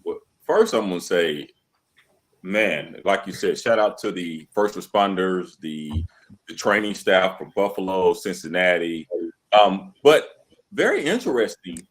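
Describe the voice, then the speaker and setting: A man's voice: sits low, expressive, a little slow. A man co-hosting a sports talk show, laid-back and easygoing. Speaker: co-host. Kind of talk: casual sports chat.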